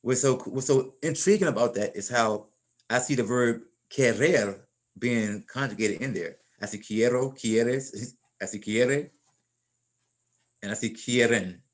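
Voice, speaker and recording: A man's voice: medium pitch, unhurried. A middle-aged man teaching a Spanish class in an informal, folksy way, often repeating and restarting his words.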